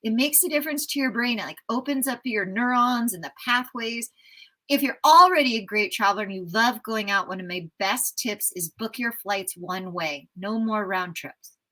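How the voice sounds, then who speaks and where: A woman's voice: a little high, moderate pace, low-quality recording. An enthusiastic American woman in her fifties, a travel writer telling stories as an interview guest. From United States. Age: 50s. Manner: enthusiastic, animated storyteller. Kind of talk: casual storytelling interview.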